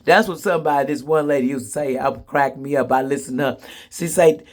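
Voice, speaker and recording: A man's voice: medium pitch, a little fast. A man telling comedic stories to the camera in a sassy, blunt way, laughing often. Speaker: vlogger. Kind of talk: casual comedic storytelling.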